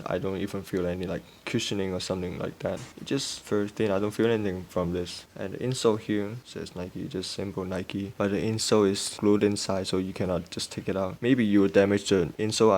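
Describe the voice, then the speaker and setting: Male sneaker reviewer, low-pitched, laid-back and halting. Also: vocal fry, a little hiss or hum. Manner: relaxed, halting, with many fillers and restarts. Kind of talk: casual product review.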